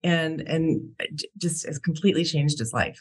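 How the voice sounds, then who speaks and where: A woman's voice: low-pitched, normal speed, slightly rough. A woman, a podcast guest, telling a heartfelt personal story about her brother and often laughing between sentences.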